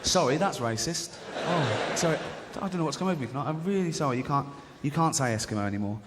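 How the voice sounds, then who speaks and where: Heavy background noise surrounds this English stand-up in his forties as he jokes, curses freely and plays characters in put-on voices. His voice is mid-range, animated and quick, picked up by a stage mic in a large theatre with long reverb and laughter from the crowd.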